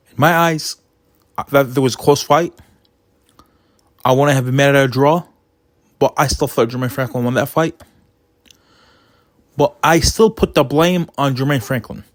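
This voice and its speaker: A man giving his opinionated casual commentary on a boxing result, getting animated as he retells funny moments. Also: medium pitch, no room sound, studio quality.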